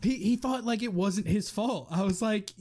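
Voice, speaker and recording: Guy cohosting a podcast, pretty high voice, tells stories with lots of acted-out quotes. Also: normal speed. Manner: animated storyteller, acts out quotes. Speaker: podcast co-host. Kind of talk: casual chat.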